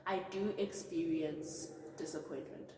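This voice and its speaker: A woman's voice: low voice, steady tone, a little slow, background noise. A young woman hosting a podcast, talking in a chatty, upbeat way with many fillers. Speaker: podcast host. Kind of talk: casual chat. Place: room on a university campus. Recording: echoey room, mic far off.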